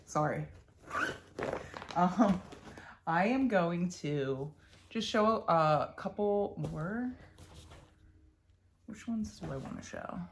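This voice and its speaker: A woman's voice: on the low side, animated, slow, pauses often, slight background noise. A young woman from Philadelphia with a Philly accent, chatting casually and rambling about her stitching projects, with lots of ums and restarts. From Philadelphia, USA. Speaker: cross-stitch vlogger.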